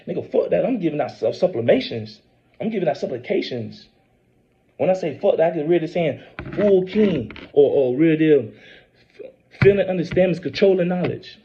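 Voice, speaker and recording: Guy preaching and rambling, repeats stuff, cusses, kinda high voice, muffled lo-fi audio. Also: animated. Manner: reads scripture aloud haltingly. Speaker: self-posting religious speaker. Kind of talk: informal religious monologue. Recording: dull lo-fi recording.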